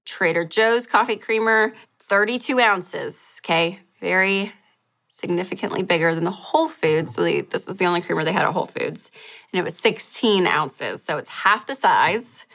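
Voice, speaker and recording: A woman hosting a casual money-saving vlog, comparing grocery prices in an upbeat, chatty way with quick laughs and animated asides. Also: fairly low pitch.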